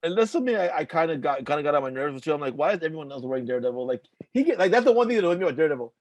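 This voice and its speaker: Fast-talking rambling man, dry close sound. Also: fairly high pitch, expressive, no room sound. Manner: rambling, many "like" fillers, swears freely. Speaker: podcast co-host. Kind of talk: casual chat.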